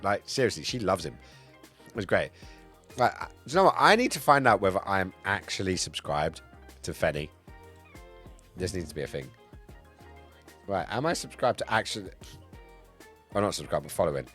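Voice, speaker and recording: A man streaming live in casual chat, a bit tipsy, excitable and swearing, swinging between loud outbursts and low mumbles. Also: moderate pace, pauses often, slightly rough, soft background music. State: tipsy from cider.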